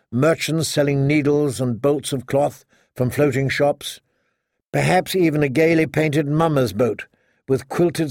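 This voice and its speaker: Gravelly male audiobook narrator. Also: medium pitch, dry recording, studio quality. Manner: measured, steady storytelling.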